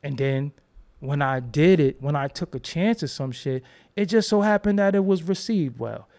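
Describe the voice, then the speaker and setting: A man's voice: on the high side, animated, normal speed, darkish tone. A man hosting his own channel, talking in a casual, profane, rambling monologue and acting out quoted voices as he tells stories. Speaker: host.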